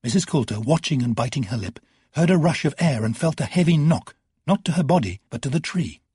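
A man narrating an audiobook in measured, dramatic storytelling. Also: on the high side, animated, warm tone, slightly rough, dry recording, clean studio sound. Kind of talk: scripted narration.

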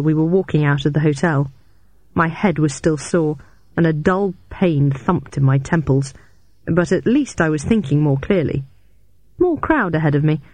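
Guy reading an audiobook, steady storytelling, slightly high voice, dry booth sound. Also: no room sound. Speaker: audiobook narrator. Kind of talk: scripted first-person narration.

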